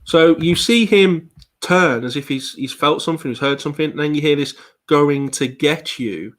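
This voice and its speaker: A man's voice: fairly high pitch, fairly quick, a bit bright. A man giving an online presentation as a paranormal investigator. He talks in a hesitant way, with frequent ums and repeated words.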